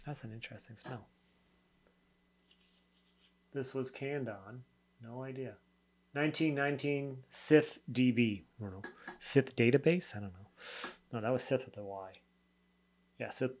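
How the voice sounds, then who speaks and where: A man in a relaxed beer review vlog, with an average-pitched voice. He talks off the cuff and rambles, drifting between thoughts and fixing his words mid-sentence. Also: a little slow, pauses often. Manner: rambling and chatty, often trailing off and correcting himself; loose, spontaneous tasting commentary.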